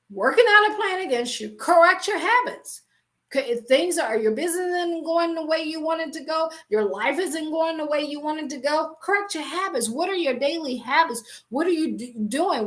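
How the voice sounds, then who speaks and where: A middle-aged woman with a high, bright-sounding voice teaches business planning through scripture. She speaks emphatically and with animation, restarting sentences as she drives her points home. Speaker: business coach and Bible teacher. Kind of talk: faith-based business teaching.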